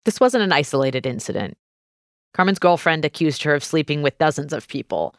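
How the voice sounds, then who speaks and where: A woman host narrating a true story in a measured, scripted style and interviewing her guest. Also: deep voice, expressive, no room sound, clean studio sound.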